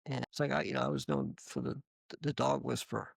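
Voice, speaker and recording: A man being interviewed, casually telling lively anecdotes with frequent restarts. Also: mid-range voice, brisk, vocal fry, slightly rough, dry recording. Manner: animated, laughing anecdotes with acted quotes. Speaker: interview guest. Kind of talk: casual storytelling.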